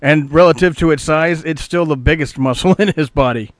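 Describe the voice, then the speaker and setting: A man's voice: on the high side, normal speed, dry recording. Joking man. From American Midwest. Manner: joking, teasing banter. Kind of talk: casual chat.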